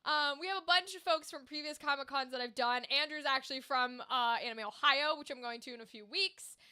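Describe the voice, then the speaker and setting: High, bright-voiced chatty woman streamer. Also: fairly quick. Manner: chatty and rambling, talks straight to chat. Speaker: livestream gamer and host. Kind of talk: casual stream chat with viewers.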